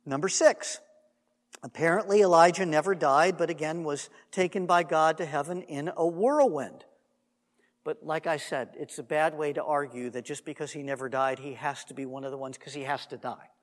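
A man with a notably high voice teaches scripture like a storyteller, acting out the lines of the people in the story. His voice carries a long echo, as from a large hall. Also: moderate pace. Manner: animated storytelling, acts out quotes; undogmatic, conversational asides. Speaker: Messianic teacher. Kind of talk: Bible teaching sermon.

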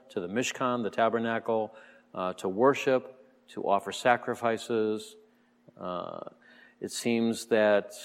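A man teaching a verse-by-verse sermon in a relaxed, explanatory way, with frequent fillers and soft chuckles. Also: fairly low pitch, in a large hall. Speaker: Bible teacher.

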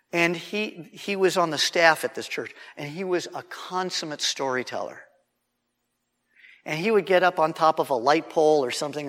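A man, preaching as he tells a story in an animated, conversational way with frequent restarts. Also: a little high. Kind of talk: sermon storytelling. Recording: long hall reverb.

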